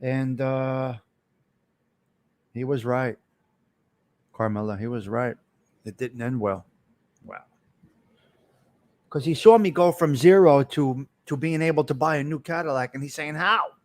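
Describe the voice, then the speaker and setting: A man's voice: medium pitch, measured pace, pauses often, darkish tone. A middle-aged man, hosting a casual live stream and telling rambling, repetitive stories, cursing freely and answering viewers by name.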